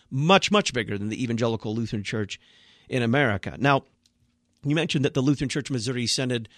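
A man's voice: mid-range voice, fairly bright tone, no room sound, clean studio sound. A man, a Lutheran pastor, speaking as a guest on a radio talk show, earnest and emphatic with a blunt manner.

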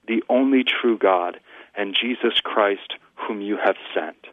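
A man with a fairly low voice teaching as a guest pastor, earnest and measured as he quotes scripture. The sound is thin and dry, like a phone call into a radio studio. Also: no room sound. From United States. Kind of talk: radio sermon-style teaching. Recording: dry tinny phone line.

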